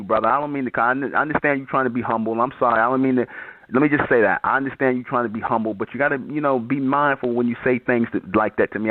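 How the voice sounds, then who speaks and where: Taking calls on his channel, a man with a medium-pitched voice lectures a caller in a blunt, profane manner, restating his points over and over. The recording has no echo but a tinny, phone-like quality.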